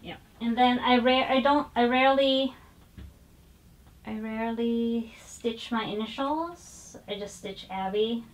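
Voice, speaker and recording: Woman vlogger, fairly high voice, unhurried and chatty, stops to correct herself. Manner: chatty and digressive, with frequent fillers and self-corrections. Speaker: flosstube host showing cross-stitch finishes. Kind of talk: casual show-and-tell chat.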